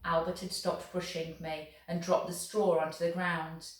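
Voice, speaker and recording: A woman's voice: on the low side, moderate pace, far from the mic. Woman teacher reading aloud in an echoey room. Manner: steady, encouraging. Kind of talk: reading a novel aloud to a class.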